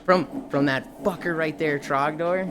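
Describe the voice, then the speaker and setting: A woman's voice: sits low, measured pace. A woman streamer chatting casually and profanely, laughing often, with music playing behind her. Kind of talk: casual livestream chat.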